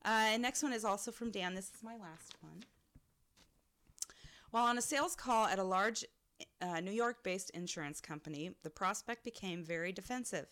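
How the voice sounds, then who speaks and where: A woman co-host reads stories that listeners sent in. Her voice sits at a middle pitch, and she often breaks into laughter as she reads. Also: normal speed, fairly bright tone. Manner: laughs often while reading. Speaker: podcast co-host. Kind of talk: reading listener stories aloud.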